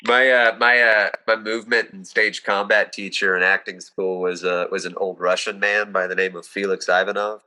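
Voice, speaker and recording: A man's voice: on the low side, moderate pace, hardly any pauses. A young American man, a guest actor, chatting casually and acting out voices in his stories. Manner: animated storyteller, acts out voices. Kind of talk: casual chat.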